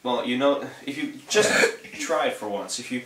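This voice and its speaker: A man's voice: medium pitch, normal speed, noisy background. A young man with a Dutch accent, a native Dutch speaker giving a rambling, profane, laid-back vocal tutorial in English. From Netherlands. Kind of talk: casual how-to talk. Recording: echoey room, mic at a distance.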